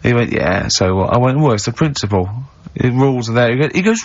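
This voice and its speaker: A man's voice: medium pitch, animated, fast talker, hardly any pauses. Giggly man telling rambling stories. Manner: rambling anecdotes, giggly laughter. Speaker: radio host. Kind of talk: casual radio banter. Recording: dull lo-fi radio broadcast.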